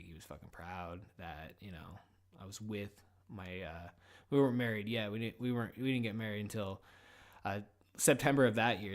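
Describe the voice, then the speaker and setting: A man in his thirties hosting a casual podcast from a small office, rambling and swearing freely with lots of fillers. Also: fairly low pitch. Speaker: podcast host.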